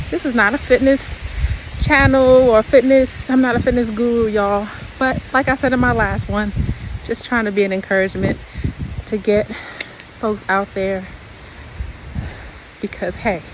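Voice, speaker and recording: A woman's voice: on the high side, background noise. A woman chatting casually as she walks outside, a little winded and laughing often. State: slightly winded. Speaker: vlogger. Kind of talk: casual walking vlog chat. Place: outdoors in a hilly neighborhood.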